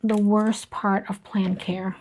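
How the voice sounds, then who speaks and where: Slow, soft-spoken woman vlogger. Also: mid-range voice, little pitch movement, a little hiss or hum. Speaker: plant vlogger. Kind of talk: casual narration while working.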